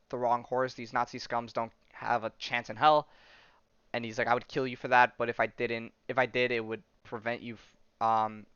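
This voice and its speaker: A man's voice: mid-range voice, a bit bright, clean tone, no room sound, lo-fi sound. A man hosting a podcast, casually recapping a comic book story and reading out its dialogue with frequent ums and restarts. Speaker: podcast host.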